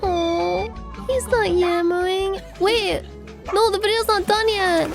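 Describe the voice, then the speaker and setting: A young woman streamer giving casual reaction commentary, excitable and exclamatory, playful and a bit crude. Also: extremely high pitch, takes it slowly, vocal fry, over music.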